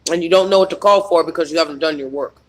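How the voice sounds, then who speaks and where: A man's voice: on the high side, racing. A man coaching on trauma healing in a rambling, emphatic spiritual self-help monologue full of fillers.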